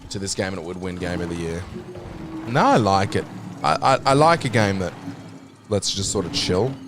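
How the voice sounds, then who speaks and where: Sweary British streamer, low voice. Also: male voice, very animated, moderate pace, noisy background. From Britain. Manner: profane, joking, reads chat aloud. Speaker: game streamer. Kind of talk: casual gaming commentary. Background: background music.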